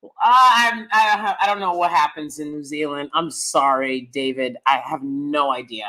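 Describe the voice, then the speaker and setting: A woman's voice: low voice, unhurried, bright, forceful tone. A woman hosting a live review, an acting teacher who talks to her viewers casually, often repeating words and checking in with "right?".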